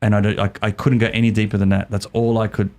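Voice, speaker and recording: A man with an Australian accent, a podcast guest telling a story in a lively way, often repeating and restarting his words. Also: fairly low pitch, fast. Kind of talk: casual storytelling.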